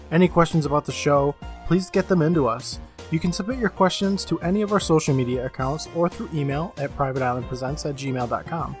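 Podcast guy recapping a tv episode, chatty and upbeat, kinda high voice. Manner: upbeat, rapid scripted announcements, then a loose plot recap. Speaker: podcast co-host.

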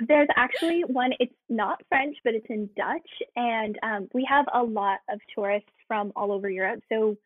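An American woman working in theme park entertainment, chatting in an interview, self-deprecating and quick to laugh. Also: fairly high pitch, dry recording. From United States. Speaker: guest, theme park entertainment cast member. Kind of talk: casual interview. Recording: tinny phone-like line.

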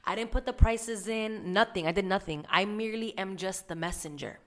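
A woman tells a story in casual chat and slips into the voices of everyone involved. Her delivery is loud, animated and profane, at an ordinary middle pitch. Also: a little fast, few pauses. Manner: animated, profane, acts out other people in her stories. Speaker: podcast co-host.

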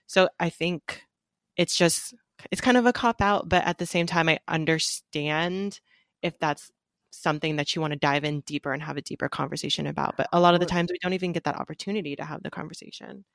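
Person with a gravelly, creaky voice, reflective casual chat, dry sound. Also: mid-range voice, fairly quick, a bit bright, dry recording. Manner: reflective, filler-heavy talk.

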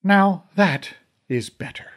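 A man voicing a calm, commanding queen mother. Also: a little high, voice pushed up. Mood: overly calm. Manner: measured, overly calm commands.

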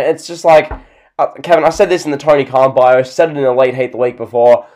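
A man of ordinary pitch hosting a podcast. He leads the chat with dry sarcasm and mock-serious build-ups. The talk is casual and conversational. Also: steady tone, fairly quick, darkish tone. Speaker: podcast host.

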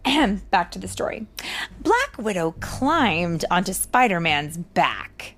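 Slow, lively woman reading a storybook aloud. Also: mid-range voice, slight background noise. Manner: gentle, explaining to a child.

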